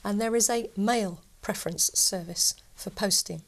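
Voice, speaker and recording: A woman's voice: medium pitch, a little slow. A woman lawyer and guest in a TV studio, answering interview questions in a firm, precise way.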